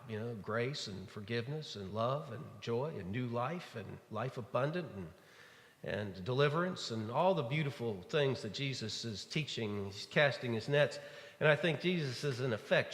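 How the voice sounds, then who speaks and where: A man's voice: medium pitch, a bit bright. Male pastor, easygoing storytelling sermon, recorded in a reverberant sanctuary. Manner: storytelling, conversational with frequent fillers. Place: church sanctuary. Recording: echoey church hall.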